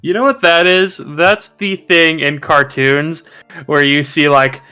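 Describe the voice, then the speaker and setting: A young man narrating slowly and deliberately as game master of a tabletop game. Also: a little high, steady tone, bright, forceful tone, clean tone, soft background music.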